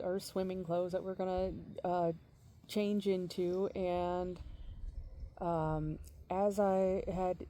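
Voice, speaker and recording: Slow, mellow-voiced woman telling a story. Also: on the low side, a little hiss or hum. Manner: halting, searching for words. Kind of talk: casual personal storytelling.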